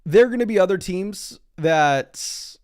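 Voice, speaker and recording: A man's voice: high-pitched, expressive, unhurried, a little mellow, clean tone. A young man streaming live from his desk, chatting casually through a fantasy football draft and reading out viewer comments. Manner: chatty, reads chat comments aloud. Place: home desk.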